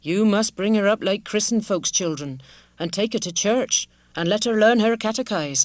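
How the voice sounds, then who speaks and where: In an audiobook, a woman voices a kindly village wife, middle-aged, simple and devout, using a homely country dialect with an earnest, motherly warmth. Her medium-pitched voice sounds natural, and the recording is dry.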